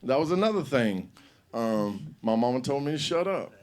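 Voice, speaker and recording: A man's voice: mid-range voice, very animated, normal speed. A middle-aged man hosting a comedy show on stage, telling profane stand-up stories and acting out scenes. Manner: loud, profane storytelling with act-outs.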